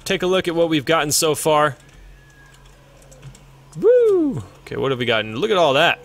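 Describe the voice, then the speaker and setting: A man hosting a let's play, giving casual, excitable gameplay commentary and mocking himself when things go wrong. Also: on the high side, fast. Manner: excitable, self-mocking, swears when frustrated.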